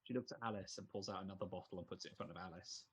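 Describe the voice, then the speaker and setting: A man's voice: low-pitched, rapid-fire, a bit bright, husky. A man narrating as game master of a tabletop game, rambling with many fillers.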